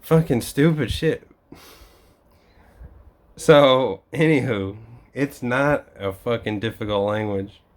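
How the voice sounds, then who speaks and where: A man's voice: mid-range voice, takes it slowly, long pauses. A young man in a profane vlog rant, swearing constantly and laughing between complaints. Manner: mimics other people in quoted voices. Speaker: vlogger. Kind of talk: profane ranting monologue.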